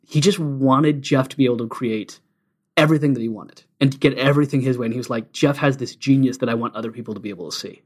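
A man co-hosting a casual music podcast, telling background stories in a relaxed, halting way with many uhs and ums. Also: medium pitch. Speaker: podcast co-host.

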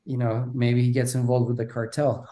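A man's voice: medium pitch, flat delivery, normal speed, warm tone. A man from Bulgaria, an actor giving an interview in casual conversation, speaking animatedly and often repeating words as he starts his thoughts. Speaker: actor guest.

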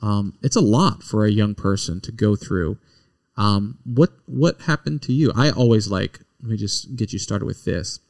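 Low-voiced rambling husband. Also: male voice. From Kentucky. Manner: rambling, self-correcting storyteller. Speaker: podcast co-host, husband. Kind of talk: casual chat.

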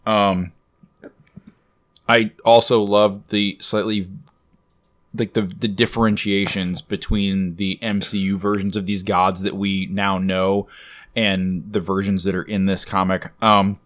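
A man co-hosting a comics podcast, talking in a measured, thoughtful way with pauses. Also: deep voice, flat delivery, a bit bright. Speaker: podcast co-host. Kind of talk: casual chat about comics.

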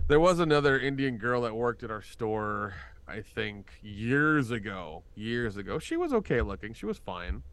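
A man's voice: on the low side, lively intonation, a little fast, a bit bright. Male podcast co-host; loose, profane, laughing banter full of restarts. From American South. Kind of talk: casual chat.

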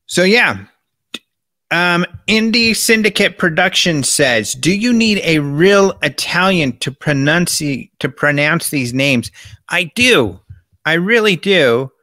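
Male host, chatty monologue with read-out quotes; bright, forceful voice, dry close sound. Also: on the high side, animated, slow, dry recording. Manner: chatty, gestures with his hands while talking. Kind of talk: casual monologue reading out quotes.

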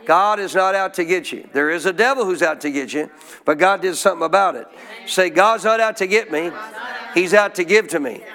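A man with a high-pitched voice preaches a sermon with emphatic call-and-response. He keeps asking the congregation questions and urging them to say lines back to him. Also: a bit bright. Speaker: pastor.

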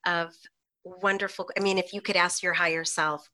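A woman guest, a hypnotherapist, telling client stories in an animated way on a podcast and laughing often between lines. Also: lowish voice, moderate pace. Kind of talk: podcast interview storytelling.

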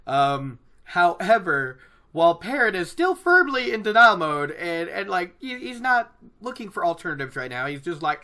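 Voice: mid-range voice, very animated, normal speed, bright, forceful tone. A host casually recapping a fantasy novel chapter, chatty and rambling, with lots of fillers. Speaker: book podcast host.

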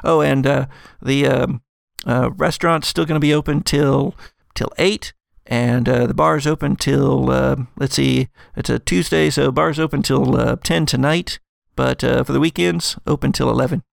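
A man voicing a helpful male hotel concierge in a fake British accent, full of halting fillers. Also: mid-range voice, fairly even intonation, creaky, no echo, studio quality. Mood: obliging. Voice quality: hesitant, filler-heavy.

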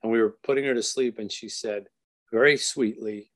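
An older man, an author, telling a personal story in an earnest, halting way, with many restarts and soft trailing phrases. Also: lowish voice, fairly even intonation.

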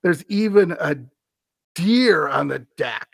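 Man, podcast host, gravelly voice, slightly high, reads a creepy story, wry asides, dry close sound. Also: lively intonation, slow pace, no room sound. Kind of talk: reading a scary story aloud with commentary.

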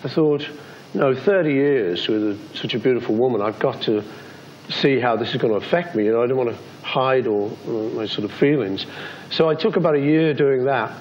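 British man in his fifties, interview guest, halting and heartfelt, mid-pitched, slightly muffled archival audio with faint hiss. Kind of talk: reflective interview.

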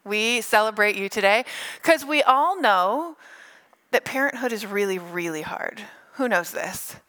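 A middle-aged woman pastor giving a sermon, animated and playful, telling stories with funny asides. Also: medium pitch, unhurried.

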